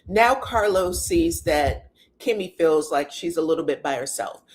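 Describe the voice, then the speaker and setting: A woman talking through reality TV gossip in a sassy, expressive way. She peppers her recap with rhetorical questions and blunt, unfiltered asides, keeping it loose and conversational. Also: on the low side. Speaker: reality TV commentator. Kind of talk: casual reality TV recap commentary.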